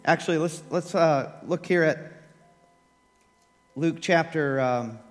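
A man preaching a sermon, telling scripture stories with animated acted-out voices and laughter. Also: fairly high pitch, slow, in a large hall, faint music behind.

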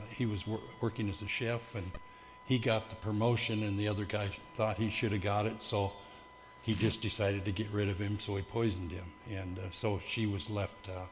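A man giving a missionary talk at church, hesitant and full of fillers. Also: lowish voice. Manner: halting, with many fillers. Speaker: missionary co-speaker. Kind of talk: testimony talk to a church group. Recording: echoey hall with faint hum.

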